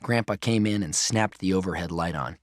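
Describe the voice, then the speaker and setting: Deep-voiced man reading a storybook. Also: moderate pace, no echo, clean studio sound. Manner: expressive, lively reading. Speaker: audiobook reader. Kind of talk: first-person storybook narration.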